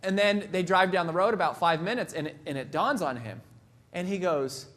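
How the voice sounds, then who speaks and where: A man's voice: sits high, animated, moderate pace, a bit bright. A man giving a live motivational keynote at a convention, telling funny stories and acting out voices. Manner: storytelling, jokey, acts out voices. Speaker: keynote speaker.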